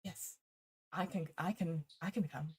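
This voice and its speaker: A woman voicing a small, bland, self-pitying male doll who speaks quietly. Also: lowish voice, steady tone, a little slow, breathy edge. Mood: mopey.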